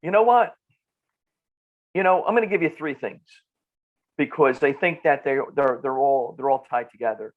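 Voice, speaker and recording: A man in his fifties with a North Jersey accent, a nutritionist guest talking in an animated way and often repeating words. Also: medium pitch, normal speed, long pauses, phone-quality sound. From New Jersey. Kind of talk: casual podcast interview.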